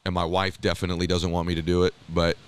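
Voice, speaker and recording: A man's voice: sits low, quick pace, slight background noise. A middle-aged man as a podcast guest, talking in an earnest, motivational way and acting out the dialogue in his stories. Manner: animated storyteller, acts out quoted dialogue. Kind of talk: podcast interview.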